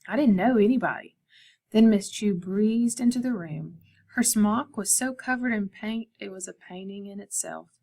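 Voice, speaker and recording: A woman art teacher reading a picture book aloud to her students, expressive and speaking to them directly. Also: mid-range voice, moderate pace, vocal fry.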